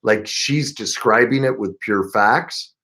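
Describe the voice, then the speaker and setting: Speaking slowly in a lowish, bright, forceful voice, this middle-aged relationship coach addresses the camera with earnest, emphatic advice. At times he performs short example conversations.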